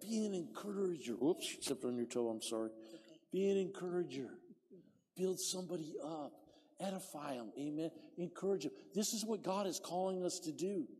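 High voiced guy preaching, big swings loud to soft, church echo all around. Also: normal speed. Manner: impassioned, swings from loud preaching to quiet storytelling. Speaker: pastor. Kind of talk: sermon.

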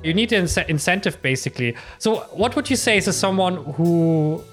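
Brief: male host, slightly high voice, hesitant non-native speech, faint music behind. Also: expressive. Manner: halting non-native English, many fillers and restarts. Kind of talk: casual conversation.

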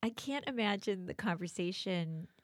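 A woman's voice: medium pitch, lively intonation, moderate pace, dry recording, studio quality. A woman hosting a casual interview, reacting with short affirmations and laughter and telling her guest how she would feel in her place. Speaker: podcast host.

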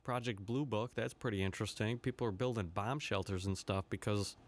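A man's voice: on the low side, a little fast. A man hosting a podcast, ranting casually with lots of swearing, laughter and rambling asides. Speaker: podcast host. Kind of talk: profane comedic rant.

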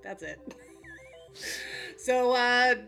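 A playful woman runs a mock game show, laughing often. Her voice sits a little high and moves a lot. Faint music plays behind her. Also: animated, drawn-out words, vocal fry, a bit bright. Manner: giggly, playful. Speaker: podcast co-host, quiz host.

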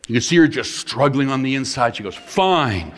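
A middle-aged man preaching a sermon, telling a story in an animated, emphatic way. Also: mid-range voice, fast, slight background noise. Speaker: pastor. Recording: long hall reverb.

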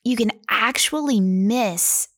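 A woman's voice: a little high, slow. A middle-aged woman talking in a casual conversation, earnest and thoughtful, explaining things in long run-on sentences.

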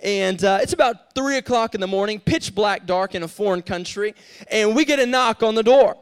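A young man delivers a youth sermon in a high, light voice. He tells a story with animated energy, pushing his voice up when he acts out the characters, then drops into earnest preaching. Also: normal speed, clean tone. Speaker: youth pastor.

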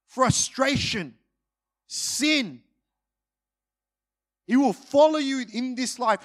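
A man preaching a sermon to his congregation, moving between urgent, loud peaks and hushed, drawn-out phrases. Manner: dynamic, swings from loud urgent peaks to hushed low delivery.

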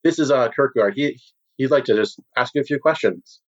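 A man's voice: mid-range voice, brisk, pitched above the performer's own voice, close to an everyday voice. A man voicing a fussy, flustered male guild handler in a tabletop game, in a raised voice. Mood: eager. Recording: dull lo-fi sound.

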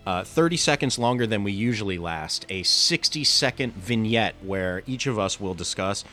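A man co-hosting a podcast in casual chat, his throat a little raspy, rambling and swearing with lots of ums and restarts. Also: on the low side, lively intonation, normal speed, bright, forceful tone, soft background music. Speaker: podcast co-host.

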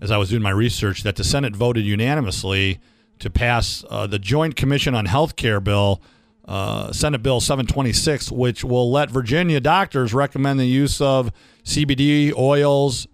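A man hosts a radio law show in a casual, joking way. His voice sits at an ordinary middle pitch and sounds close and dry in the studio. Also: dry recording. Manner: chatty, quick asides and jokes.

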